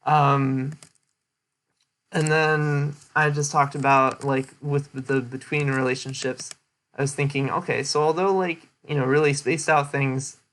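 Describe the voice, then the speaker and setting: A young man talking through a presentation he gave in a loose, casual way. His pitch sits in an ordinary middle range, and his explanations wander, full of "um" and "like" and restarts. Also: a bit bright. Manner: rambling with many fillers and restarts. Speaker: streamer giving a presentation recap. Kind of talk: casual chat.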